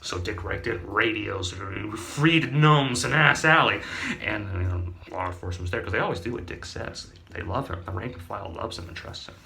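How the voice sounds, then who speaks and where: A man's voice: low voice, steady tone, a little fast, creaky, few pauses, bright, forceful tone. A man telling a comic story in a rambling way, with many fillers and asides.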